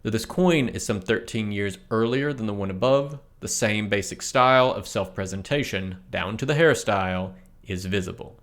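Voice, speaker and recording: A man reading a history blog post aloud in a measured way, reading out its notes and image descriptions too. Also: lowish voice, a bit bright. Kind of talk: read-aloud narration of an essay with notes.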